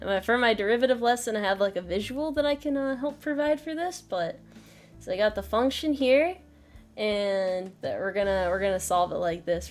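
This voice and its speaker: A woman streaming a casual math lesson, joking at her own expense, laughing often and swearing casually. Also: medium pitch.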